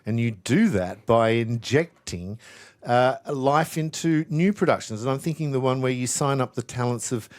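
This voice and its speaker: A man's voice: mid-range voice, normal speed. A man hosting a radio show in a studio. He talks conversationally, with small stumbles, and reads the traffic. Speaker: radio host.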